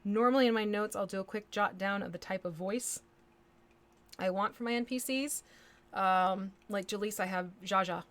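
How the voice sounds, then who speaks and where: A woman hosting a live painting stream talks in an easygoing, conversational way at a mid-range pitch. She thinks aloud and hums bits of nonsense syllables as she paints. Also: moderate pace, a bit bright. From United States. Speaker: miniature painting livestream host. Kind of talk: casual chat while painting live.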